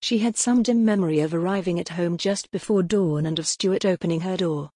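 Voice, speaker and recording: A woman narrating a gothic novel in a steady, measured audiobook reading. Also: fairly low pitch, no echo, studio quality.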